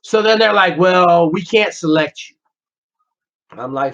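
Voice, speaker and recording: Man, podcast guest, blunt and profane, raised-pitch voice, slightly dull audio. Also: unhurried. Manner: blunt, profane, animated retelling of dialogue. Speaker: podcast guest, former Navy SEAL. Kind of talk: casual storytelling interview.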